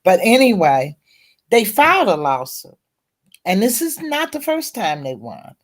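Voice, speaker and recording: A woman's voice: mid-range voice, huge pitch swings, unhurried. A middle-aged woman, a teacher advocate and guest at a round table discussion, telling her story bluntly and candidly.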